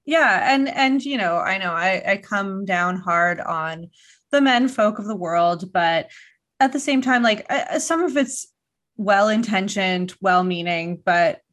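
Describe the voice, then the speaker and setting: A woman's voice: mid-range voice, expressive, unhurried, fairly bright tone. A woman hosts a podcast, rambling in a loose, self-deprecating way. She swears casually and laughs at herself as she talks. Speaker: podcast host. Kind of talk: casual chat.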